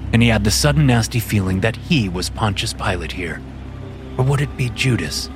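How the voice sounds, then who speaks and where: A man giving scripted audiobook narration in a measured storytelling manner. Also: lowish voice. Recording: narration with music bed. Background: music.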